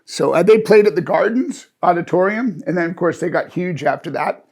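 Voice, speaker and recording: A man's voice: high voice, lively intonation, a little fast, a little mellow. A man in his sixties telling an amused, rambling personal anecdote in a chatty way. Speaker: storyteller. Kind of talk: casual anecdote.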